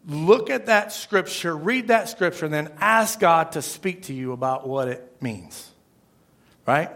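A man's voice: fairly high pitch, animated, measured pace, gravelly, a bit bright. A man preaching a sermon, emphatic and repeating his phrases. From Florida. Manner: emphatic, repeats phrases, asks the crowd "right?". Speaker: pastor.

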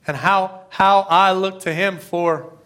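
A man's voice: high voice, fairly even intonation, slow pace, fairly bright tone. A middle-aged man preaching an earnest, emotional sermon with scripture readings. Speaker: pastor.

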